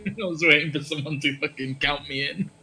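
A man's voice: on the high side, fairly even intonation, moderate pace, bright, forceful tone, a little hiss or hum, rough recording. A man hosting a live game stream, joking, swearing and calling out enemy positions to his team. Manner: joking, laughing, swearing, giving callouts. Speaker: streamer host. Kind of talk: casual gaming chat with callouts.

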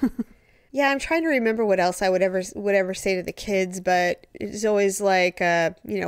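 A woman in her forties co-hosting a podcast, telling family stories in a lively way and putting on her parents' voices with frequent laughs. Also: a little fast, clear, resonant tone, no room sound, studio quality. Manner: animated storyteller, mimics parents in high voices, laughs often. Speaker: podcast co-host. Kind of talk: casual chat.

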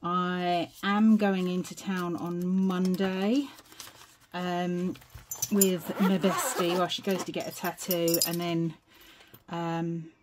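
A woman's voice: lowish voice, little pitch movement, slow pace, noisy background. A young British woman chatting casually to camera at home, rambling and a little out of breath. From United Kingdom. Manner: chatty, rambling, self-deprecating. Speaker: budgeting vlogger. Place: home, evening.

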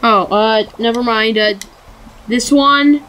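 Let's play host, woman, high voice, giggly, patient guide, casual chat. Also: slow, fairly bright tone, slight background noise. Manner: giggly, guiding, reads game text aloud.

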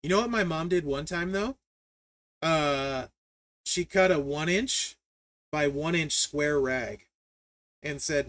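A man hosting a live stream, telling family stories in a casual, animated way, laughing often and reading chat aloud. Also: on the high side, slow pace, pauses often, no echo. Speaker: livestream host.

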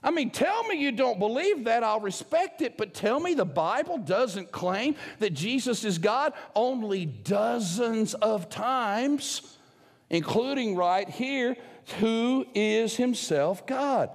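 A man's voice: high-pitched, lively intonation, takes it slowly, big-room sound. A man preaching a sermon as the pastor of a church, telling a personal story in an emphatic, conversational way. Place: church sanctuary.

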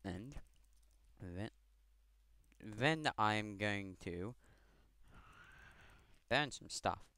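A man's voice: lowish voice, lively intonation, drawn-out words, gravelly, pushed and bright, smooth, dry recording. A teenage man from Scotland with a Scottish accent, giving rambling, self-mocking game commentary over a headset mic, swearing often. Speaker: gamer. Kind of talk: gameplay commentary.

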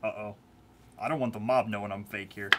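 A man's voice: on the low side, fairly even intonation, brisk, background noise. A man hosting a live trading-card break, chatting casually and teasing his viewers in a playful way. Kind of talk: casual live-stream commentary.

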